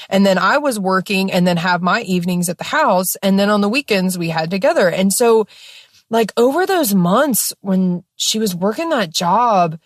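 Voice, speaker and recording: A young woman telling a personal story in a casual, expressive way, with lots of fillers and some swearing. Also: mid-range voice, dry recording, studio quality. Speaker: podcast host.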